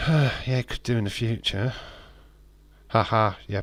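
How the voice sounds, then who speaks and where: A man with a lowish voice hosts a live stream, talking at an unhurried pace as he comments on the action and reads viewer messages. He teases his chat with a playful, bantering edge, and his voice is recorded close and dry with no room sound. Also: fairly bright tone, no room sound. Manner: bantering and teasing with viewers, frequent restarts. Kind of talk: casual watch-along commentary, reading chat aloud.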